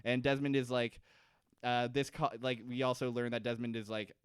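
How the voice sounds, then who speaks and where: Animated man retelling scenes. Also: mid-range voice, moderate pace, clear, resonant tone, no echo, clean studio sound. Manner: animated retelling, acts out scenes, swears freely. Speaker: podcast co-host. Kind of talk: casual chat.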